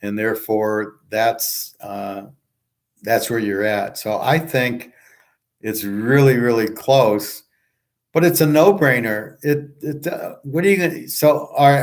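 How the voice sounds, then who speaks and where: A man hosting a show, ranting casually and bluntly with lots of swearing, rambling and restarting his sentences. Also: medium pitch. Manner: blunt, profane, ranting and scoffing. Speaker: show host and handicapper. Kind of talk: casual monologue.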